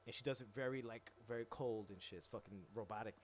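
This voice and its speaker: A man's voice: mid-range voice, quick pace, a little hiss or hum. A man co-hosting a live stream, chatting casually and rambling with lots of swearing and filler words. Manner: rambling, profane, frequent "yo" and "like". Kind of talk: casual chat.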